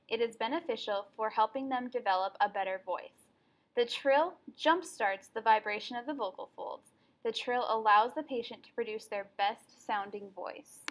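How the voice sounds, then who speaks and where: A young woman narrating voice therapy steps and then coaching a client through them, slow and encouraging as she models each sound. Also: a little high. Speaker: student clinician demonstrating therapy. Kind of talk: scripted lesson narration and role-played therapy session. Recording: echoey room with faint ambient noise.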